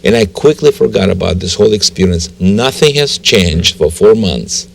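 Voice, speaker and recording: Low gravelly man telling his story. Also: expressive, a little hiss or hum. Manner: halting, emotional storytelling with restarts. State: tearful. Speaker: guest telling his testimony. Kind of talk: personal testimony in a TV interview.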